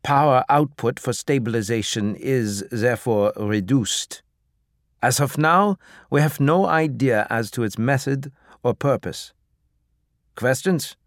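A man reading an audiobook, voicing an official briefing reporters in a raised, slow, emphatic voice. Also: mid-range voice, no echo, clean studio sound, pitched above the performer's own voice, close to an everyday voice. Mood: grave.

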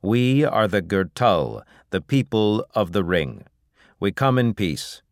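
A man reading an audiobook, voicing an alien caller who speaks through a robotic voice, slow and formal. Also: lowish voice, sing-song, no echo, studio quality, heavily acted.

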